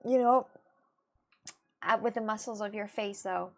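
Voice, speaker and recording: A woman's voice: medium pitch, unhurried, a little mellow. A woman chatting casually with her livestream viewers, rambling and giggling as she answers them. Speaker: streamer.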